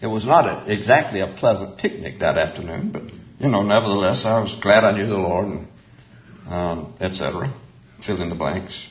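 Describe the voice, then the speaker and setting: A man's voice: deep voice, animated, a little fast. An older man preaching a sermon to a men's group, folksy and chuckling, drawing out emphatic repeated phrases. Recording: roomy, dull lo-fi sound.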